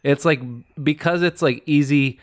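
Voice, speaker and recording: A man's voice: a little high, fairly even intonation, normal speed. A man co-hosting a casual podcast chat, wry and opinionated.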